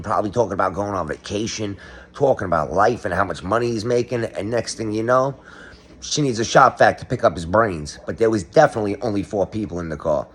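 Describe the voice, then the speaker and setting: A man's voice: lowish voice, fairly bright tone, slightly rough. A middle-aged man doing a comedic monologue, ranting sarcastically as if exposing a conspiracy. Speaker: comedic commentator.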